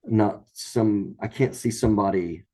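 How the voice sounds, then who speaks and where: Low, dark-voiced man telling a story. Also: a little slow. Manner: rambling, repeats words and restarts, acts out quoted voices. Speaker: storyteller guest. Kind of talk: casual storytelling.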